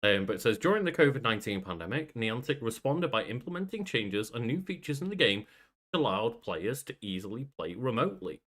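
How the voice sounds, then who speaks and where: A man's voice: mid-range voice, sing-song, fairly quick, a bit bright. Chatty man co-hosting a podcast. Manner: chatty, laughs often, swears casually. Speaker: podcast co-host. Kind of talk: casual chat.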